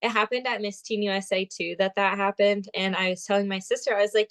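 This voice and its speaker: A young woman from Vermont talks as a guest in a casual interview. She tells stories with animation and acts out what people said. Her pitch sits in the middle range for a woman. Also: moderate pace. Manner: animated storyteller, acts out quotes. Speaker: guest, pageant titleholder.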